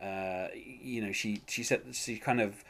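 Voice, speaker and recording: A man's voice: lowish voice, unhurried, gravelly, fairly bright tone. A man hosting a casual podcast chat, talking with many fillers and restarts. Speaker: podcast host.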